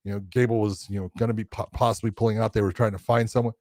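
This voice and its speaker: A man's voice: lowish voice, level tone, very fast, darkish tone, no room sound, clean studio sound. A man co-hosting a casual podcast, rambling and leaning on "you know", now and then acting out what others said. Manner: rambling, full of "you know", acts out quotes. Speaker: podcast co-host, grappling referee.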